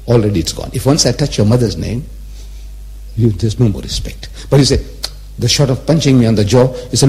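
A man's voice: mid-range voice, lively intonation, moderate pace, pauses often, a little mellow. A man in his seventies giving a public religious lecture, emphatic and repetitive, teasing his listeners with rhetorical questions. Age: 70s.

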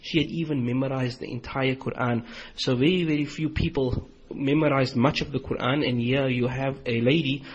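A man's voice: mid-range voice, steady tone, moderate pace, slightly rough, dull audio. A man giving an Islamic lecture in a series, retelling stories animatedly with quoted dialogue.

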